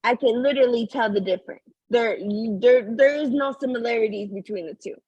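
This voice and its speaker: A woman's voice: fairly high pitch, brisk, a little mellow, husky, no room sound, muffled recording. A woman co-hosting a podcast, talking in a blunt, sarcastic, casual way. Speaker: podcast co-host. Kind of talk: casual chat.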